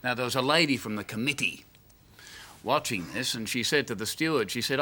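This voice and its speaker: A man's voice: mid-range voice, pushed and bright. A middle-aged Australian man on a live TV variety show, chattily setting up and telling a joke. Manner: brisk, chatty set-up with "right, now" and "you see". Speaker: comedian. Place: live TV studio.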